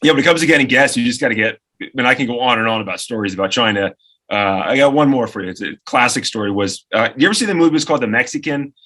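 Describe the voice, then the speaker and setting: Radio co-host in his forties, animated storyteller; bright, slightly husky voice. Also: medium pitch, very fast. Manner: animated storyteller who acts out quoted voices. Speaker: radio co-host and producer, podcast guest. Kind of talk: lively anecdote-telling in conversation.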